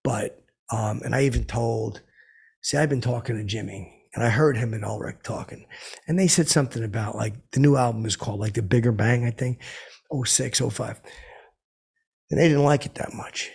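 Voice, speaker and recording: Gravelly, raspy man rambling on. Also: mid-range voice, normal speed, darkish tone. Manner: rambling, boastful, stammering. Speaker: comedic character host telling stories. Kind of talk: rambling comedic monologue.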